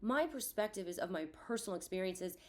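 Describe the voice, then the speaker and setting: A woman in her thirties hosting a candid solo podcast, blunt and profane, swinging between ranting and quiet reflection. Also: mid-range voice, lively intonation, a little fast. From Florida. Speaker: podcast host.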